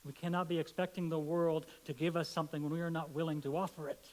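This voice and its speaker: Conversational pastor, man, slightly high voice. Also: flat delivery, fast talker, darkish tone, rough recording. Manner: conversational, playful, acts out voices in stories. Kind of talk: sermon with storytelling.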